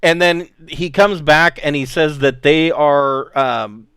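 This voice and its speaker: A man narrating as game master of a tabletop game, often pausing to search for words. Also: a little high, a bit bright, smooth, dry recording.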